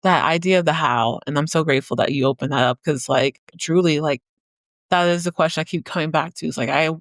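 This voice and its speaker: A woman's voice: low voice, fast talker, no echo. A woman podcast host telling a personal story in a loose, chatty way. She strings thoughts together with frequent "like" and easy laughs. The sound is dry and close. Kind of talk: podcast conversation.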